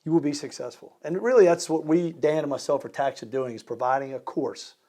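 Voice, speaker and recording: A business co-owner from Maryland telling a story as an interview guest, animated and acting out both sides of the dialogue. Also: male voice, a little high, fairly quick. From Maryland, USA.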